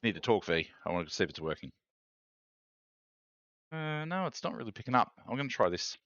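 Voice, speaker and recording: A man's voice: fairly low pitch, very animated, fairly quick, fairly bright tone, no room sound, lo-fi sound. A man streaming live, chatty and self-mocking, thinking aloud while he fiddles with his gear.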